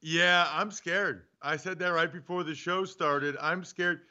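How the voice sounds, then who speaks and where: A man co-hosting a sports talk show from home, bantering in a teasing, animated way. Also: on the high side, unhurried, smooth, dull audio. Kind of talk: casual sports radio banter. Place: home studio.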